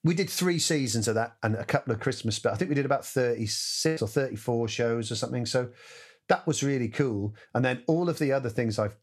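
His voice is fairly low and a bit rough. As a guest, this musical director tells stories in easygoing conversation, animatedly mimicking voices and sound effects along the way.

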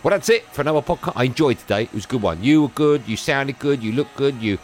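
A man hosting a sports radio show, teasing and self-mocking in lively banter. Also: mid-range voice, fast talker.

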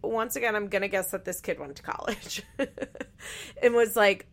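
A woman's voice: mid-range voice, animated, moderate pace, vocal fry, fairly bright tone. A woman host giving casual, blunt commentary on a reality show, chatty and swearing freely.

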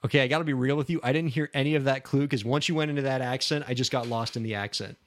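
A man's voice: mid-range voice, fairly even intonation, rapid-fire, a little hiss or hum. A man co-hosting a podcast, chatting casually in an easygoing, self-deprecating way that trips and restarts while he thinks. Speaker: podcast co-host.

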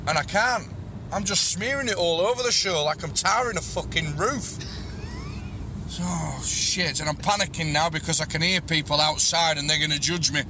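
A man's voice: a little high, normal speed, noisy background. A man leaving a crude, rambling voice-message story as a caller to a podcast.

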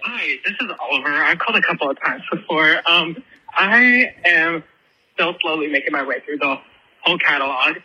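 A man's voice: on the high side, animated, normal speed, bright, forceful tone, husky, rough recording. A young man leaving a rambling, casual voicemail, full of ums and likes.

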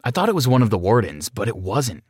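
Expressieve mannelijke verhalenverteller. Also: male voice, on the low side, very animated, fast talker, a little mellow, breathy edge, dry recording, studio quality. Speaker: story narrator. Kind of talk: first-person story narration.

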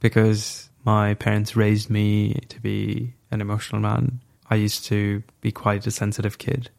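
Gravelly young man, frank storyteller. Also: lowish voice, monotone, a little slow, darkish tone. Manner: frank, reflective, swears casually. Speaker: guest storyteller. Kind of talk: candid personal storytelling.

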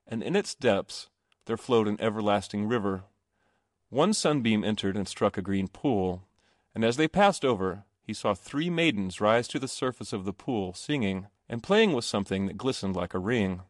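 A man reading a classic story aloud with expressive narration. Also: lowish voice, no echo, clean studio sound.

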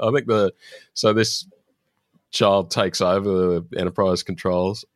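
A man's voice: on the low side, normal speed, a bit bright, no room sound, clean studio sound. A man co-hosting a podcast, chatting casually as he recaps an episode, laughing often and using lots of fillers. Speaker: podcast co-host.

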